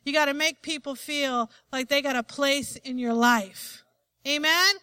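A woman's voice: sits high, unhurried, pushed and bright, dry recording. A woman preacher giving an emphatic sermon and often asking the congregation for an amen.

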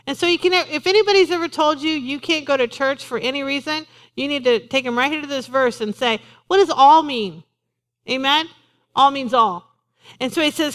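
Bright high-voiced woman preaching. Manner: lively, conversational, jokes with the congregation. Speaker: pastor. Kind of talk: sermon. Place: church in front of a congregation.

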